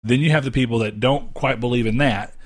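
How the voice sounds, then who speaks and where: A man's voice: mid-range voice, steady tone, brisk. A man hosting a podcast, chatting casually with friends in a joking, rambling, profane way. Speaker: podcast host. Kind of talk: casual chat.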